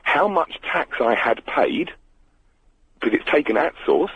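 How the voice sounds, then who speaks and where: A man from Britain with a slightly croaky voice calling a radio show, explaining his case earnestly. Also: on the high side, expressive, slow, fairly bright tone, dry recording. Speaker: caller. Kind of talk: phone-in chat. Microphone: telephone. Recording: lo-fi phone line.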